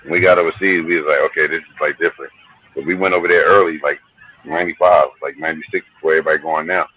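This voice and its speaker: A man's voice: very deep voice, fairly even intonation, very fast, phone-quality sound, a little hiss or hum. A middle-aged man from New Jersey, a hip hop artist telling stories in a laid-back, slangy, profane way. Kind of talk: casual storytelling interview.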